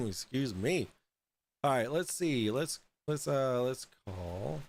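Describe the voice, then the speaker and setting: A man hosting a casual livestream, drunk and high, rambling and halting over fillers as he talks. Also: animated, noisy background. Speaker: host.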